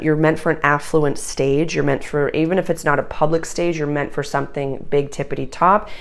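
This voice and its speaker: Speaking to camera in a low, gravelly voice, a woman astrology and tarot reader gives a channeled tarot reading. She is urgent, emotional and earnest, with plenty of fillers.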